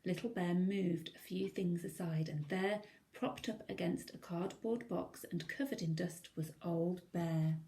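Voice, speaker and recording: Gentle woman reading a storybook. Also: on the low side, unhurried, slight background noise. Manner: gentle, pointing out the pictures. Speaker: primary school teacher. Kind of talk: reading a picture book aloud.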